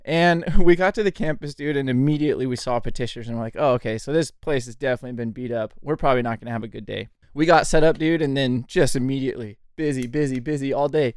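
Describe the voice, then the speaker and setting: A man co-hosting a podcast, telling a story in a casual, animated way, laughing often and saying "dude" a lot. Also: mid-range voice, fast talker, few pauses, clear, resonant tone, no echo, clean studio sound. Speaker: podcast co-host.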